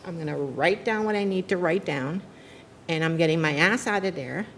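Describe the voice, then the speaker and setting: A woman's voice: on the low side, moderate pace, a little hiss or hum. A woman speaking candidly as a panelist, recounting her experiences with a wry edge. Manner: candid, wry, laughs while telling. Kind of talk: casual panel storytelling.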